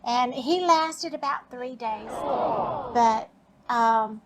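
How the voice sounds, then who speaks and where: A woman's voice: a little high, slow. A woman playing a gushing, melodramatic visiting sister in a comedy sketch banter. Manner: gushing and melodramatic, breaks into fake sobs.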